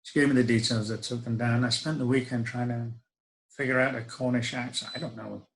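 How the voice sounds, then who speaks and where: A man's voice: medium pitch, fairly even intonation, fairly quick, gravelly, low-quality recording. A middle-aged man, telling a personal story in a reflective, wry way with hesitant restarts. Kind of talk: first-person spoken storytelling.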